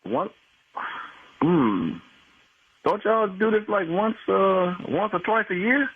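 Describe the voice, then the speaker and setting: Indignant man yelling down a phone line. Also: high-pitched, lively intonation, breathy edge. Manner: indignant, shouting back fast. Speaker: prank call victim.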